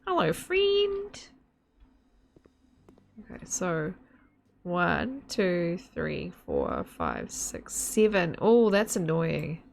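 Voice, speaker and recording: A woman's voice: lowish voice, sing-song, slow pace, vocal fry, a little mellow. A woman streaming a game, chatting in a rambling, giggly, casual way to her viewers and a friend. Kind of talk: casual live-stream chat while gaming.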